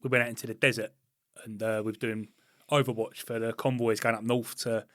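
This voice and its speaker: British man, fast talker, dry close sound, chatty army stories. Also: lowish voice, level tone, fairly bright tone, no echo. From United Kingdom. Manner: quick chatty interjections. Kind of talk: casual chat.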